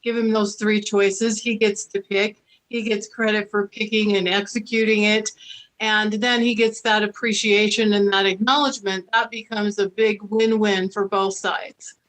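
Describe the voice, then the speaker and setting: A woman's voice: medium pitch, flat delivery, normal speed, fairly bright tone, rough recording. A woman hosting an interview, affirming her guest and summing up his points in a casual way. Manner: affirming, summarizing. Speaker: interview host.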